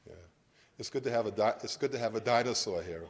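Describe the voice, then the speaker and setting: This middle-aged guest lecturer talks fast in a lowish voice during an informal university lecture. His conversational delivery is full of restarts and repetition, and he keeps checking comprehension by asking "does that make sense."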